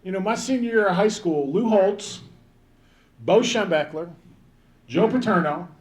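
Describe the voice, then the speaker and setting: A man's voice: high voice, expressive, measured pace. A man in his fifties giving a rambling, joking banquet speech, calling out to people in the crowd. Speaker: banquet speaker.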